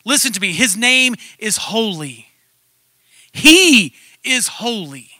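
A man's voice: high voice, very animated, takes it slowly, sharp tone, dry recording. A male pastor preaching a sermon in a conversational way that builds to emphatic points.

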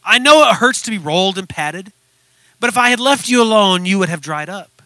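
A man playing a patient, wise old male potter who speaks in a calm, gentle, reassuring way. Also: sits high, brisk, no room sound. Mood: tender.

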